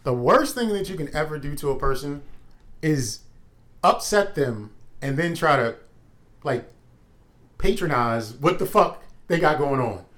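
A man's voice: a little high, expressive, unhurried, long pauses, fairly bright tone. A man in casual chat, emphatic and swearing as he acts out exaggerated reactions.

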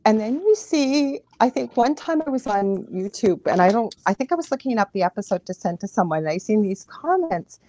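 A woman who works as a psychic medium, a podcast guest telling stories in a lively, chatty way with frequent laughs. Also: mid-range voice. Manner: animated storyteller, laughs often, quick asides. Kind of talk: casual chat, storytelling.

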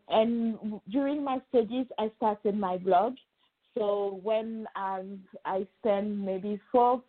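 A woman from Senegal whose first language is French, a guest in a podcast interview. She answers with many ums and repeated words. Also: medium pitch. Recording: tinny phone-like line.

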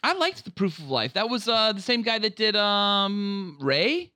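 A man co-hosting a casual podcast, excitable and quick to laugh and react. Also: high voice. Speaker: podcast co-host.

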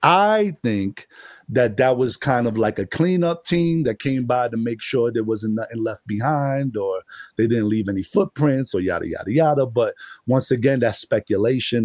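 Animated New man telling a story. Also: lowish voice, normal speed, no room sound. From Bronx, New York. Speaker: guest. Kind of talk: casual storytelling.

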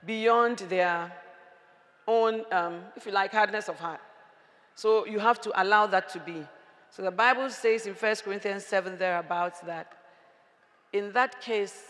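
A woman preacher, giving an animated, humorous sermon and often raising her voice to a shout. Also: mid-range voice. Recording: long reverb of a large hall.

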